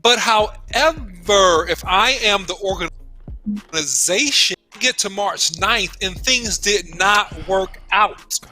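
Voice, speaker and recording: A man's voice: high-pitched, lively intonation, slow pace, bright, forceful tone, faint music behind. A man co-hosting a heated sports debate, pleading and arguing while talking over others. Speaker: co-host.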